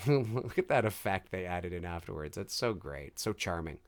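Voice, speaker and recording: A man's voice: low-pitched, lively intonation, measured pace. A man hosting a live movie commentary, chatting casually and joking about the scenes as they play. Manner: chatty, jokey, reacting with laughs and mock quotes.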